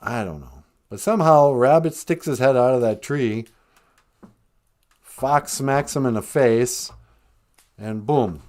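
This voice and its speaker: A man's voice: medium pitch, slow pace, long pauses, darkish tone. Chatty joking male storyteller. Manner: chatty, joking asides, laughs at own tale. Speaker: podcast storyteller. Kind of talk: casual storytelling.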